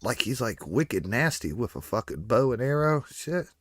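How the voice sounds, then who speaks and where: Male co-host, animated pitch, excitable and foul-mouthed, dry close sound. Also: normal speed, dry recording. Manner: excitable, profane, blunt. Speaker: podcast co-host. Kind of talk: casual podcast chat.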